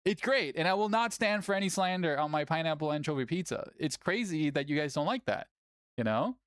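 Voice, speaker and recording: A tournament host chatting casually on a livestream, animated, laughing often and swearing casually. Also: medium pitch, fairly quick, clean tone, no room sound, studio quality.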